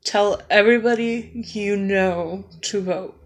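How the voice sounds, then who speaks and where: Slow, pleading woman ranting. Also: medium pitch, steady tone. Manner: earnest, pleading, slow and halting. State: tearful, emotional. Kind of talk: political vlog rant.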